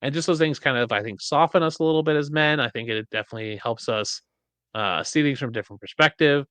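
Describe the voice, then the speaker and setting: A man hosting a podcast in a casual chat, telling stories in an animated way and acting out quotes. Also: medium pitch, fast talker, smooth, dry recording. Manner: animated storyteller, acts out quotes. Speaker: podcast host.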